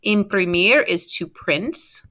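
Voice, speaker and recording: A woman's voice: medium pitch, lively intonation, slow pace, sharp tone. A woman teacher giving a recorded Spanish class, patiently explaining verb endings step by step and spelling them out letter by letter.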